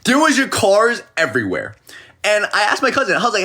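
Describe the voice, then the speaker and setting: Man, casual live-stream chat, animated storyteller with a lively, high-leaning voice. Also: fairly quick. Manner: animated storyteller, acting out the people he quotes.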